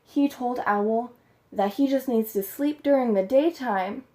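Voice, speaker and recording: Woman telling an old folk story, plain and homey, voice a bit high. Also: a little slow, dark tone. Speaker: student storyteller. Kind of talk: storytelling a folktale.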